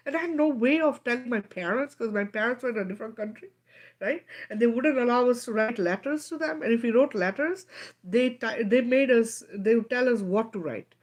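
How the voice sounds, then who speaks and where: A middle-aged woman hosts a live stream, emphatically telling a personal story in a fairly high, expressive voice at a slightly fast pace. She keeps checking in with listeners using "right?" and "okay?".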